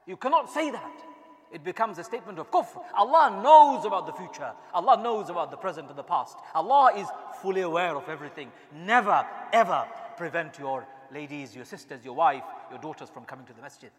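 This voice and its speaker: A man delivering an impassioned sermon as an imam, swinging from quiet asides to shouted rhetorical questions. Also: sits high, expressive, brisk. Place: mosque hall. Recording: long reverb in a large hall.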